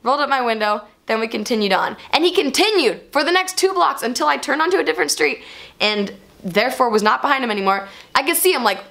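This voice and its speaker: Lively, high-voiced woman telling a story. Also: fast talker, gravelly. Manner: animated, expressive storytelling. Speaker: vlogger. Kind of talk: casual storytelling to camera.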